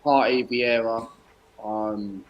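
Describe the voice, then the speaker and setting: A man co-hosting a football stream, chatting casually and getting excitable and defensive when teased. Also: lowish voice, takes it slowly, highs cut off. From half Italian. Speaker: co-host. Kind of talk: casual football fan banter.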